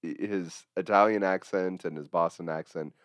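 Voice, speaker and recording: Podcast co-host, Midwestern man, very low pitch, animated storyteller. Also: normal speed, dry recording, studio quality. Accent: Midwestern American. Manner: chatty, animated storytelling with voice impressions. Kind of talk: casual chat.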